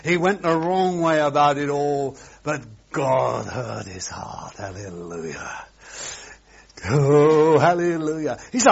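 A man preaching a sermon, swinging between loud, emphatic exclamations and hushed asides. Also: a little high, a little slow, vocal fry. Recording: dull lo-fi sermon recording.

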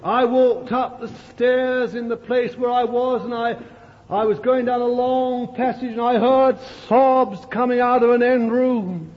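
A male preacher delivering a sermon as a dramatic storyteller, swinging from loud to hushed. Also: very high-pitched, steady tone, measured pace. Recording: dull, echoey old hall recording.

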